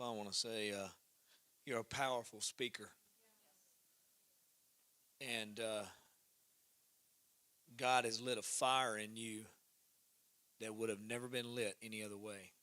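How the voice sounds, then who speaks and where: A man giving an impassioned closing address at a live church gathering in a converted barn, moving from loud declarations to hushed, emotional passages. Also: fairly low pitch. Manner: fervent, preacherly, swings from loud to hushed. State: emotional, voice thick.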